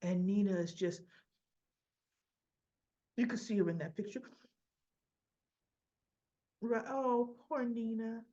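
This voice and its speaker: A woman giving a casual, chatty recap of a soap episode, addressing her viewers directly in an animated, gossipy way. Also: on the high side, lo-fi sound. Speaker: soap opera recap vlogger.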